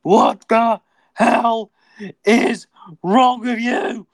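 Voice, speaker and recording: A woman's voice: fairly high pitch, fairly even intonation, very slow, no room sound. A woman ranting in frustration, sighing and cursing, repeating herself and close to tears. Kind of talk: angry rant at a moderator.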